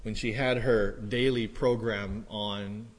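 A male pastor preaching a sermon, moving from quiet reflection to loud, animated storytelling. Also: fairly low pitch, takes it slowly. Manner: builds from quiet musing to loud excited storytelling. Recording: echoey hall reverb.

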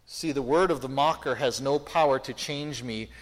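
A man's voice: medium pitch, normal speed. A man preaching a sermon in a conversational, emphatic way, asking the listeners rhetorical questions and often restarting his sentences. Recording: long hall reverb.

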